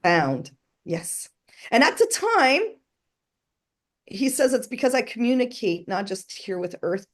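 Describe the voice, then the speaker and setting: Earnest woman telling a spiritual story. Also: on the low side. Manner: earnest, quotes voices as she tells. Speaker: interview guest. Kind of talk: casual storytelling.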